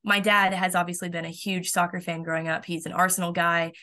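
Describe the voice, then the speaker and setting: A young woman with a slightly low voice chats about her playing days as a podcast guest. She talks in an upbeat, easy way, full of little fillers and restarts. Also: little pitch movement, fairly quick, pushed and bright. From United States. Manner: chatty, upbeat, many fillers. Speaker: college softball pitcher, guest. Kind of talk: casual podcast interview.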